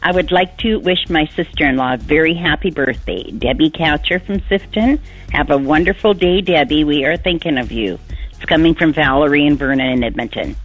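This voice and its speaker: A woman's voice: sits low, a little fast, faint music behind. A woman calling a radio show to send a birthday greeting, polite and friendly. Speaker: caller. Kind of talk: phone-in greeting. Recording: husky muffled phone line.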